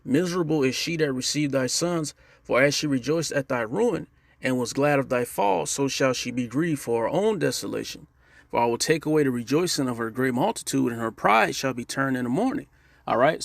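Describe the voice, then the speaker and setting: A man's voice: medium pitch, animated, normal speed, creaky, no room sound. A man preaching a casual sermon and reading scripture, stressing his points and closing nearly every phrase with "man" and "all right?". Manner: emphatic, call-and-response checks with listeners.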